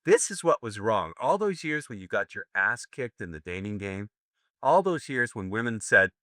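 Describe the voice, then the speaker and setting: A man's voice: lowish voice, big pitch swings, normal speed, sharp tone, no echo, studio quality. An older American man giving a live seminar lecture, brash and profane, joking with his audience. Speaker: seminar instructor.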